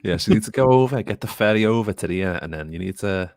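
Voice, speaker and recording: A man's voice: on the low side, expressive, quick pace, darkish tone, slight background noise. A man co-hosting a live football podcast, chatting casually and rambling as he reads out viewer comments. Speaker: podcast co-host.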